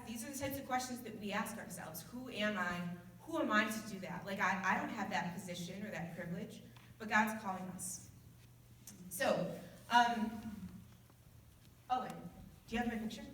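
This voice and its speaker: Woman youth speaker, slightly high voice, conversational and earnest, recorded from a distance in a very echoey church room. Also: a bit bright, slight background noise. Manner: earnest and conversational, with frequent restarts. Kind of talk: informal youth sermon.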